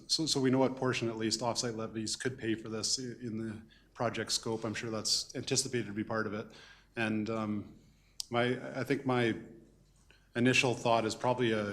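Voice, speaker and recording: A man's voice: on the low side, a bit bright, slight background noise. Hesitant councillor losing his voice. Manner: hesitant, repeating words. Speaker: town councillor. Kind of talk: council meeting remarks.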